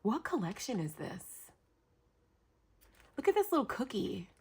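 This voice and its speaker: Slightly high and a bit rough with a darkish tone, this middle-aged woman's voice swings widely in pitch as she unhurriedly unboxes craft mail for her vlog. She's effusive and full of exclamations, calling her viewers "you guys."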